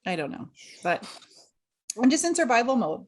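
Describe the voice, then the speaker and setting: High-voiced tired laughing woman. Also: very animated, normal speed, background noise. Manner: laughing, tired, self-mocking. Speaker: co-host. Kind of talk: casual podcast chat.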